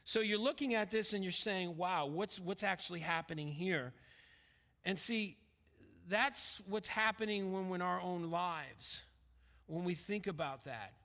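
High, bright-voiced preaching man. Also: measured pace. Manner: emphatic, drops to quiet intensity on personal story. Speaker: pastor. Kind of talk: sermon. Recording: long reverb of a hall.

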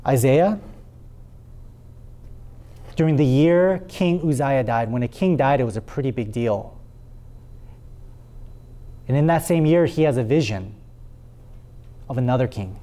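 A man preaching a sermon and reading scripture aloud, with dramatic pauses and words repeated for emphasis. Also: on the high side, mellow. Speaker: pastor.

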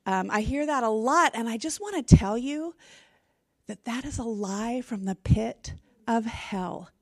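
A middle-aged woman teaching a women's Bible study in a casual, expressive way, often restarting her sentences. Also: mid-range voice, gravelly, no echo. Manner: chatty and expressive, with frequent restarts. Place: room with a group of women.

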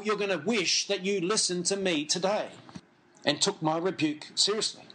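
A male preacher with a high, bright voice gives a sermon, earnest and emphatic, repeating his key points. He breaks off into casual, conversational asides to the congregation. The audio is poor.

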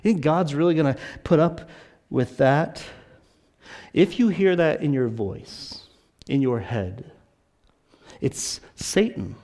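A male preacher with a noticeably high voice delivers a sermon. He is earnest and insistent, doubling up words as he drives each point home to the congregation. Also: expressive, slow, pauses often, darkish tone. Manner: earnest, repeats words when stressing a point.

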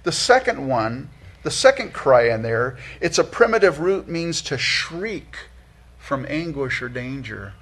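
A man's voice: mid-range voice, big pitch swings, a little slow, a bit bright. A man preaching an earnest, conversational sermon, often repeating himself as he works toward a point and lifting his voice for emphasis. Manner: earnest, conversational, many restarts, rises for emphasis. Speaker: pastor.

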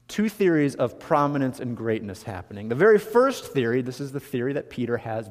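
A man preaching a sermon as pastor, telling a story with emphatic swings in loudness. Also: mid-range voice, long reverb tail. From Michigan.

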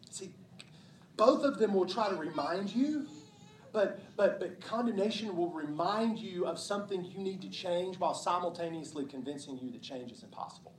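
A man delivers a sermon with a high, impassioned voice, repeating phrases and acting out the voices in people's heads. He is heard from some distance in an echoey church room with faint ambience behind him. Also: lively intonation, moderate pace, slight background noise. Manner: impassioned, repetitive, acts out inner voices. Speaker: pastor. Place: church sanctuary.

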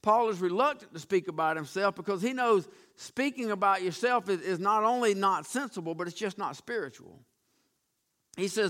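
Male preacher, high and crisp, emphatic sermon delivery. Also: expressive, moderate pace, sharp tone. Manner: emphatic, repetitive restarts, addresses congregation.

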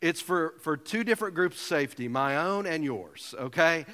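A pastor preaching a sermon, telling a self-mocking story with humor. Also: male voice, fairly high pitch, animated, moderate pace, fairly bright tone. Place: church sanctuary. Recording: long hall reverb.

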